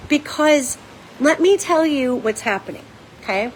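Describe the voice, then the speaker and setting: Woman monologue host with a high voice: blunt, folksy, urgent, and addressing the audience directly. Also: animated, moderate pace, a little hiss or hum, rough recording. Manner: emphatic, urgent, talks straight to viewers as "guys"; folksy and blunt, casual swearing. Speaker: psychic commentator and show host.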